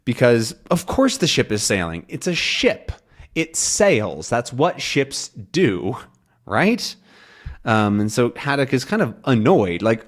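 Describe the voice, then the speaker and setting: A young man teaching English, explaining a comic slowly and clearly, rephrasing as he goes. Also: mid-range voice, sing-song. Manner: slow, clear, repeats and rephrases.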